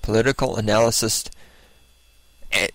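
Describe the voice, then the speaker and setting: A man's voice: fairly low pitch, steady tone, unhurried, fairly bright tone, no echo, rough recording. A man giving a blunt, sarcastic political monologue as host, laughing at his own jokes.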